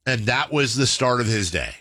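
A man on a podcast tells a story in a loose, rambling way and keeps stopping to correct himself. His voice is bright and lively, with wide swings in pitch. The studio sound is dry and close. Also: normal speed, dry recording. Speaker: podcast host. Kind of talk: casual storytelling chat.

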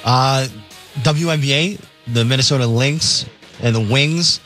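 A man's voice: medium pitch, a little slow, a bit bright, soft background music. A man on sports radio reading out games and betting lines in a plain, matter-of-fact way.

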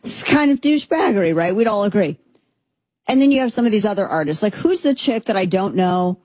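Husky, sarcastic woman commentator. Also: mid-range voice, a little fast, no echo. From Texas, USA. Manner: animated, sarcastic, rambling with restarts. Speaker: commentary show host. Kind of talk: opinionated monologue commentary.

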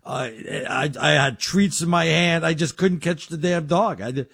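A middle-aged man co-hosting a casual sports talk show, telling stories with excitable energy. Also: on the high side, a little slow, gravelly, slightly rough. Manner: animated storyteller, excitable. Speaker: co-host.

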